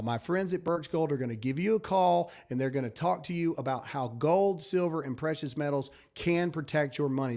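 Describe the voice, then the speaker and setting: A man's voice: a little high, darkish tone. A man hosting a casual talk show, emphatic and pleading, often stammering and repeating himself. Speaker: show host.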